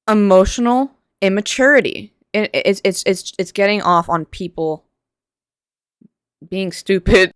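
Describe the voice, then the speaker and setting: Low-voiced young woman rambling to camera. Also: dry recording, studio quality. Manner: rambling, animated, many restarts and asides, quick laughs. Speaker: video essayist. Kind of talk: casual commentary to camera.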